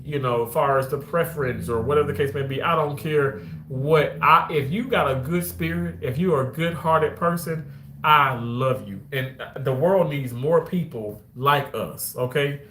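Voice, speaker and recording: A man chatting casually with his viewers on a livestream, animated and quick to exclaim. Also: mid-range voice, roomy sound, slight background noise.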